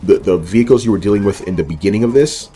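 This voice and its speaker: Deep-voiced man rambling over gameplay. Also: quick pace, mellow, slightly rough. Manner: rambling and loose, with many fillers and self-mocking asides. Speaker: video game walkthrough commentator. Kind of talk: casual gameplay commentary.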